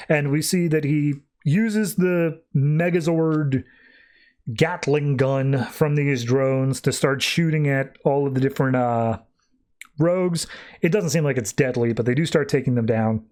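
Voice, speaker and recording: A man hosting a podcast, casually recapping a comic book story and slipping into quick voices for the characters. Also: fairly high pitch, darkish tone. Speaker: podcast host.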